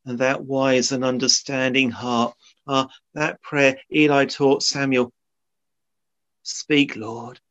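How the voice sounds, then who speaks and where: A man preaching a sermon in a solemn, earnest way, often quoting old scripture. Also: mid-range voice. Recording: dull lo-fi sermon recording.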